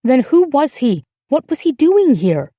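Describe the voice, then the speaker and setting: A woman reading the lines of a pregnant young wife in an audiobook, with sharp, pointed questions. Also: high voice, big pitch swings, measured pace, dry recording, clean studio sound, voice pushed up. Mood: accusing.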